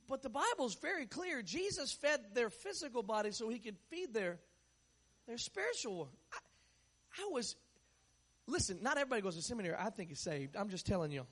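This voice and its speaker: Very high-voiced preacher man. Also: pushed and bright. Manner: conversational, joking storyteller. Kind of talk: sermon.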